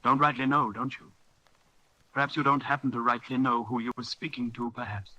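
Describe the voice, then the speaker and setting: A man's voice: medium pitch, fairly even intonation, a little fast, sharp tone, muffled recording, voice pushed up. A man voicing a hearty, cunning one-legged pirate cook who talks in bluff, blustering sea-dog phrases. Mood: stern.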